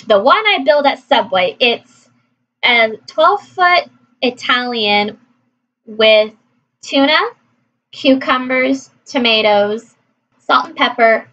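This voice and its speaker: A woman from California chatting casually through a list of questions, answering briskly with frequent laughs. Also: on the high side, pushed and bright, highs cut off. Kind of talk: casual chat.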